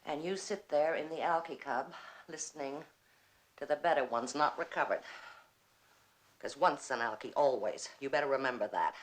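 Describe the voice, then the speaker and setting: A woman's voice: rumbling low, moderate pace. An actress playing a bitter, wry middle-aged woman who mocks herself with dry theatrical wit. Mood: sardonic. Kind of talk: stage play performance.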